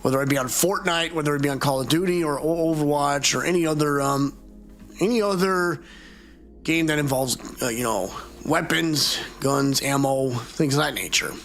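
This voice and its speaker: A man's voice: a little high, moderate pace, fairly bright tone, soft background music. A man chatting casually on a live stream, rambling with lots of fillers.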